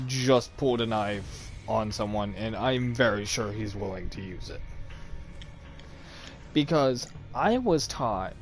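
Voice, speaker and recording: A man telling a personal story in a casual chat, acting out the voices of the people in it. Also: mid-range voice. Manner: animated, acts out quoted voices.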